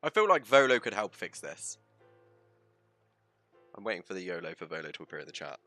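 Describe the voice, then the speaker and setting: A man's voice: low voice, sing-song, brisk, dry recording, faint music behind. A man giving casual, theatrical commentary while streaming a game. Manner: theatrical, swings into loud outbursts.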